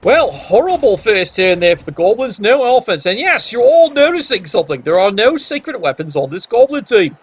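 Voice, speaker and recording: A man's voice: high voice, sing-song, normal speed, few pauses, breathy edge. A man doing wry, sarcastic play-by-play commentary on a tabletop sports video game. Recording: dull lo-fi audio.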